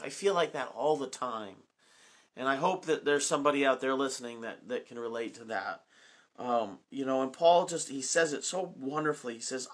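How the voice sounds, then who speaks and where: A man's voice: mid-range voice, normal speed, sharp tone. A man leading a Bible study, reading scripture aloud and then explaining it in an earnest, personal way, with frequent fillers and restarts. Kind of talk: reading scripture and teaching informally.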